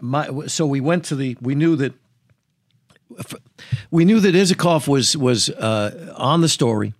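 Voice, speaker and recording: Male lawyer guest, mid-pitched, pausing on fillers as he tells his story; dead, dry room. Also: no room sound. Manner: halting, many filler sounds and restarts. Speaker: attorney and interview guest. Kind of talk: storytelling in a podcast interview.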